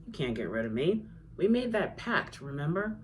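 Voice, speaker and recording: A woman voicing a playful, theatrical male best friend who teases in a lively way. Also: deep voice, moderate pace. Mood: teasing. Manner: teasing and theatrical.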